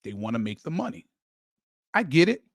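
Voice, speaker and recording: A man's voice: mid-range voice, sing-song, moderate pace, vocal fry, no echo, studio quality. A man hosting a sports channel, talking in a casual, emphatic monologue with frequent stammering restarts and repeated words. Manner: emphatic storyteller, rising to heated emphasis. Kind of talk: casual fan commentary monologue.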